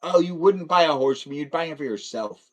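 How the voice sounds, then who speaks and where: A man's voice: fairly high pitch, lively intonation, fairly quick. A young man live streaming, chatting casually and teasing his viewers as he reads their comments, laughing often. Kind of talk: casual livestream chat reading viewer comments.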